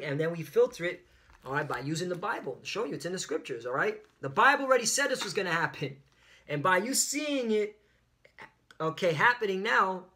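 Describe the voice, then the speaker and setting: A man's voice: on the high side, pushed and bright. A man preaching fiery, confrontational religious commentary on the news, peppering his talk with "all right?".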